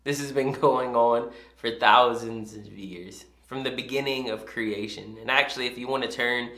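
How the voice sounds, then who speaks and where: A man's voice: mid-range voice, steady tone, moderate pace, pushed and bright, echoey room. A man preaching a sermon as pastor, impassioned and emphatic, driving his points home with repeated phrases.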